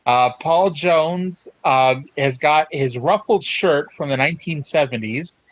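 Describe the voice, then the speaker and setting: A man's voice: on the high side, unhurried, poor audio. A man hosting a podcast, recapping old wrestling in an enthusiastic, chatty way. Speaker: podcast host. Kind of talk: casual chat.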